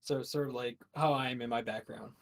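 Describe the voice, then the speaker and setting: A man's voice: mid-range voice, steady tone, a little fast, crowd noise. A man playing a tabletop game, answering in short, wry remarks. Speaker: player. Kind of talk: casual tabletop play.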